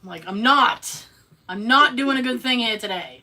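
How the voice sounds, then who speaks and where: A woman's voice: fairly high pitch, moderate pace. A woman co-hosting a podcast, telling a story in casual chat with sarcastic asides and acted-out quotes. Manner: animated, sarcastic, acts out quotes. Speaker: podcast co-host.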